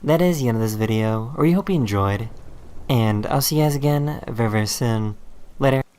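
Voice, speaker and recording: Guy doing quick matter-of-fact narration for a clip compilation, mid pitch. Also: darkish tone, slight background noise. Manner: brisk, matter-of-fact, ends with a stock sign-off. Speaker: video narrator.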